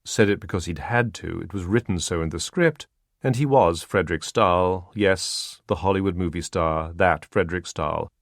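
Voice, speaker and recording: A man reading a wartime spy novel aloud in measured, even scripted narration. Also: low-pitched, creaky, dry recording. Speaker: audiobook narrator. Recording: dry close studio sound.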